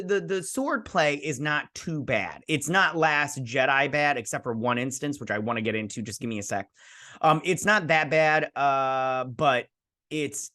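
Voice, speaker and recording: A man's voice: fairly high pitch, sharp tone. A man hosting a show review, rambling and sassy as he recaps an episode and acts out the characters' lines.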